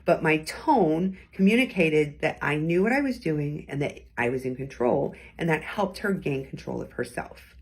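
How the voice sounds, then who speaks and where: Woman teaching how tone lands, kinda low and breathy voice, chatty and encouraging. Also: animated, moderate pace, few pauses. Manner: demonstrates different tones of voice; conversational, encouraging. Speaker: host and communication coach. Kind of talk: teaching talk to camera.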